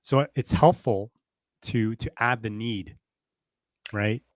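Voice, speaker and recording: A man's voice: lowish voice, slow pace, no echo. Man explaining in a dry, close sound. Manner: reflective, explains with everyday examples and frequent "right?". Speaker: podcast co-host. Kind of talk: casual relationship coaching talk.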